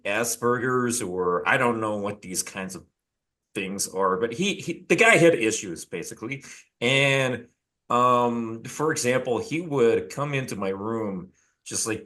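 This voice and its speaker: A man's voice: lowish voice, pushed and bright. A man working as a dating coach, rambling through an offhand, profane story in casual panel chat.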